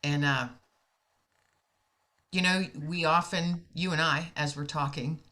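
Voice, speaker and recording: A woman's voice: sits low, fairly even intonation, takes it slowly, bright, forceful tone. An American woman telling a heartfelt personal story in casual conversation, emotional and laughing often.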